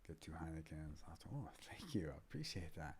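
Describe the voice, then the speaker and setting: Fast and very animated, this bass-voiced man in his fifties sounds slightly mellow over a little background noise. He's an MMA fighter and trainer guesting on an interview, telling rambling casual stories and often dropping nearly to a whisper to quote people.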